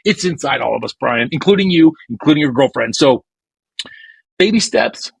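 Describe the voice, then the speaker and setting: A man's voice: a little high, big pitch swings, moderate pace, creaky, breathy edge, no room sound, poor audio. A man hosting a podcast, rambling through bawdy, playful banter and acting out quoted lines. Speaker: podcast host. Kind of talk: crude comedic podcast banter.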